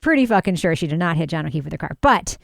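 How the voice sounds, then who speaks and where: A woman, a journalist and podcast co-host, chatting in an animated, sarcastic way and often mimicking people. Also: deep voice, fast talker, vocal fry, no echo, studio quality. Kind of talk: casual chat.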